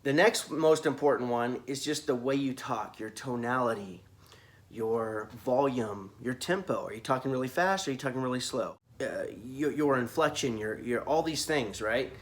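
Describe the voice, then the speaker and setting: A man's voice: mid-range voice, normal speed. A man giving earnest business advice in a casual video, asking the listener many questions and often restarting his words. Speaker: business coach.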